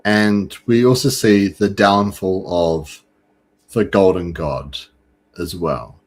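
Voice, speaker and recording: A man with a lowish voice hosts a relaxed fan podcast. He talks in a chatty, loose way, full of fillers and restarts. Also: takes it slowly. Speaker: podcast host. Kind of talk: casual fan chat.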